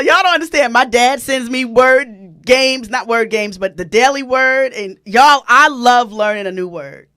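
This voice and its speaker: A woman hosting a casual online radio talk show, excitable and quick to laugh and exclaim, greeting listeners in the chat. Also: fairly high pitch. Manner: spells words aloud, reads chat comments.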